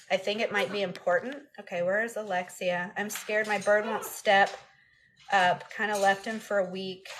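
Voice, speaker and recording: A woman's voice: medium pitch, a bit bright, a little hiss or hum. A woman chatting casually on a phone livestream and answering viewers' comments aloud. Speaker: vlogger answering live chat. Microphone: phone camera.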